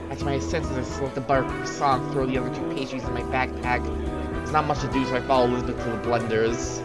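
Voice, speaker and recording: A man streaming himself reading a visual novel aloud, narrating and then ranting in an animated way, full of "like.". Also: mid-range voice, fast, rough recording. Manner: animated, frequent filler "like". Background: game music.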